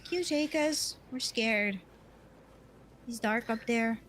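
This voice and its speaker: A woman's voice: a little high, slow pace, fairly bright tone, slight background noise. A woman voicing bratty, mischievous young children in a tabletop game, with a whiny, cheeky manner. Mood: timid.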